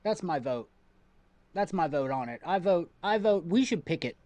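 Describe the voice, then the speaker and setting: Man, casual game streamer, rambles and repeats himself, slightly high voice, dry close sound. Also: lively intonation, moderate pace, a little mellow, dry recording. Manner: rambling, repeats himself, talks to chat as "fam". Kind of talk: casual live-stream chat. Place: at home.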